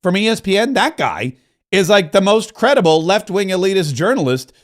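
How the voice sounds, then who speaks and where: A man's voice: high-pitched, sing-song, normal speed. A man hosting a political talk show, giving impassioned, opinionated commentary that repeats points and builds to emphatic peaks.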